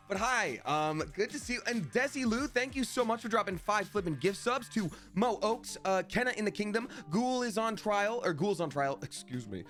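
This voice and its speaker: Upbeat, lively-pitched male streamer. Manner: upbeat, chatty, thanking viewers one by one. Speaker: Twitch streamer and voice actor. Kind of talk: casual live-stream chat.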